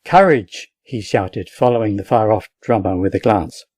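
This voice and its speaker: A man from Australia with an Australian accent, reading a classic novel aloud in a steady, measured way. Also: on the low side, dry recording. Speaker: audiobook reader.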